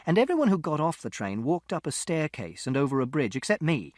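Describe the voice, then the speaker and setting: A man's voice: a little high, big pitch swings, a little fast, a little mellow, no room sound, clean studio sound. A man narrating an audiobook in the first person, with a precise, literal, methodical delivery.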